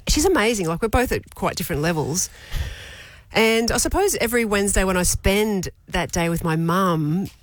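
A woman's voice: mid-range voice, expressive, normal speed, dry recording. An Australian woman in her forties, co-hosting a casual chat and telling personal stories candidly, with laughs in between. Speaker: co-host.

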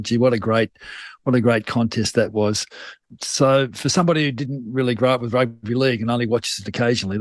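A man's voice: mid-range voice, no room sound. Australian man, radio host, friendly, easygoing, dry close sound. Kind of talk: casual radio interview.

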